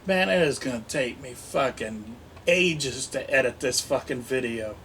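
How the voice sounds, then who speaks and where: A man's voice: mid-range voice, animated, a little slow, fairly bright tone, a little hiss or hum. A man in his forties who swears his way through a crude, comedic toy unboxing and keeps breaking into silly voices. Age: 40s. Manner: jokey, profane, slips into silly voices.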